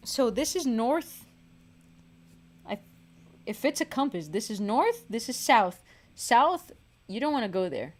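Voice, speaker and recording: Speaking at a measured pace with long pauses, this woman has a fairly high, very animated voice. A singer and livestream host, she chats casually while drawing, thinking aloud, sighing tiredly and mocking herself.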